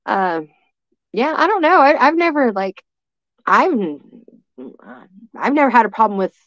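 A woman's voice: high-pitched, sing-song, measured pace, no echo, lo-fi sound. A woman from East Tennessee, telling a story as a guest in a rambling way, full of restarts and fillers. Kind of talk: casual storytelling.

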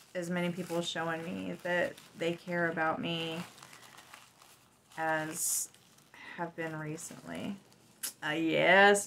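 A woman's voice: fairly low pitch, slight background noise, poor audio. A woman vlogger chatting casually and gushingly as she unboxes gifts. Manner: warm, gushing, unhurried.

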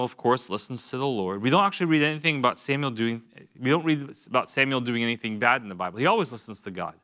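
A young man gives a relaxed, chatty sermon at church, his voice bright and forward with a clean, ringing clarity. He teaches in a friendly, conversational way, slipping in quick jokes and asides and sometimes repeating a word as he gathers his thoughts. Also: mid-range voice. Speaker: pastor.

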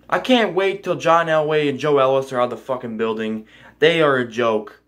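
A man's voice: medium pitch, moderate pace, a bit bright. A young man ranting angrily about his football team in a heated, profane, repetitive way. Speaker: sports fan vlogger. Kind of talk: angry sports rant.

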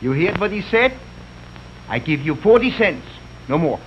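An actor playing a kindly, worried middle-aged widowed shopkeeper in a 1930s film, soft-spoken with broken English phrasing. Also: male voice, high-pitched, very animated, moderate pace, slight background noise. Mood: gentle. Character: kindly widowed merchant father, fretful. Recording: muffled early sound film.

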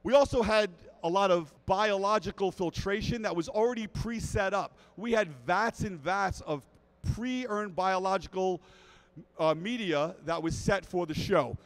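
A man giving a lively talk at a fish convention, telling anecdotes and addressing the crowd directly. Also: sits high, measured pace, poor audio. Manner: animated storyteller who acts out quotes. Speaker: guest speaker at a fish convention.

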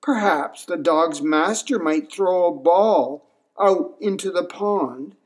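A man's voice: sits high, slow pace. A man voicing a cautious, worried male frog who argues insistently.

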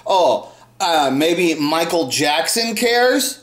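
A video host rants angrily through his commentary, cursing and repeating himself, and his voice leaps upward whenever he gets upset. He speaks slowly with lively intonation and a slightly bright tone, in a reverberant space.

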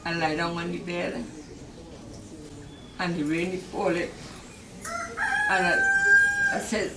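An older woman with a Trinidadian accent giving a plain, heartfelt, halting account of receiving a new home. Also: fairly low pitch, wildly swooping pitch, noisy background. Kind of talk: casual testimony. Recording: echoey, far from mic, with music.

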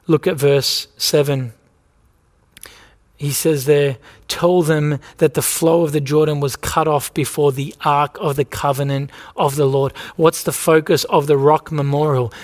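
Male preacher with a high voice, earnest, rhetorical delivery; church hall reverb. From Australia. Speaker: pastor. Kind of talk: sermon. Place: church sanctuary.

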